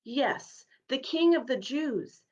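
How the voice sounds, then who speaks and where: A woman's voice: high-pitched, expressive, takes it slowly, darkish tone, highs cut off, pitched above the performer's own voice, exaggerated voice. A woman voicing a proud, snobbish male war horse in a storybook reading, with a haughty, pompous manner. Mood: boastful.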